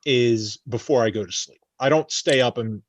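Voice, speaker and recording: A man's voice: mid-range voice, normal speed, muffled recording. A man who is a guest on a casual podcast, easygoing and matter-of-fact.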